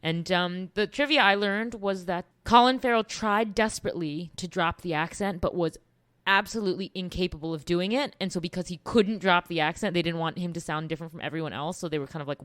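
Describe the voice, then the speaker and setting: A woman's voice: on the low side, a little fast, a bit bright, no room sound, clean studio sound. A woman hosting a podcast in casual conversation, chatty and often laughing. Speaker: podcast host. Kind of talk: casual chat.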